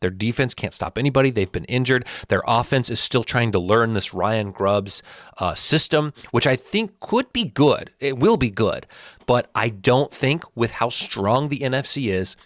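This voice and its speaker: A man in his thirties with a lively voice that swoops up and down as he teases and defies his viewers. His pitch sits in the middle range, and the sound is dry and close, with no room echo. He hosts a sports channel and is blunt and full of opinions. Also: normal speed. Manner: animated, teasing and defiant, talking straight to viewers. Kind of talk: opinionated football rankings talk.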